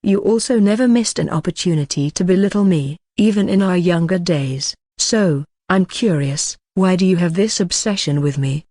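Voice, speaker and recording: A narrator reading the part of a young man who mocks his family with cool, polite scorn, delivered in a level storybook voice. The sound is dry and close, with no room around it, and the pitch sits in a middle range. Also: normal speed, few pauses, a little mellow, no echo, natural voice. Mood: mocking. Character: young man, mocking, coolly defiant disowned son.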